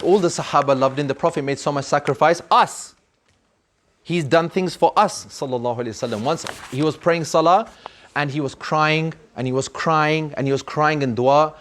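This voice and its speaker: A man's voice: fairly high pitch, a bit bright. A man telling a story to children in an earnest, emphatic way, repeating words for effect.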